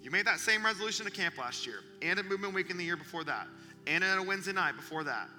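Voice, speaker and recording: A man preaching a sermon to young people, telling stories with energy and dropping to a hushed whisper for emphasis. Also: sits high, animated, quick pace. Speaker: youth preacher. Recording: long hall reverb with music behind.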